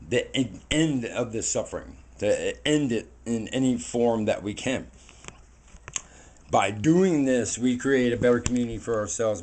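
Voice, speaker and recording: A man's voice: on the low side, a little mellow, slight background noise. Rambling, earnest man in his forties. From United States. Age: 40s. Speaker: vlogger. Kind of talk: casual walking monologue to camera. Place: outdoors on foot. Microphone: handheld camera mic.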